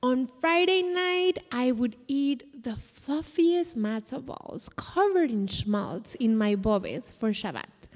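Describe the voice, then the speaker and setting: A woman's voice: high-pitched, expressive, slow pace, a little mellow. A middle-aged woman from Mexico City with a Mexican accent, telling a vivid, dramatic story on stage at a live storytelling event. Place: stage in a large hall. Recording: echoey live hall.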